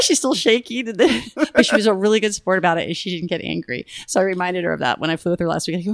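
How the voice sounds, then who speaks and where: Animated gravelly-voiced woman telling a story. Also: mid-range voice, quick pace, no echo, studio quality. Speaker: flight attendant and podcast host. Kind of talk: casual chat, storytelling.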